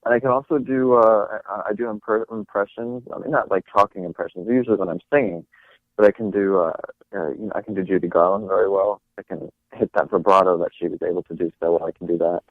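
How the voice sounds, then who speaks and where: A man's voice: low-pitched, fairly even intonation, fast talker, no echo. A young man from New York, a guest actor talking casually in an interview, hesitant and full of fillers and restarts. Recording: dry tinny phone line.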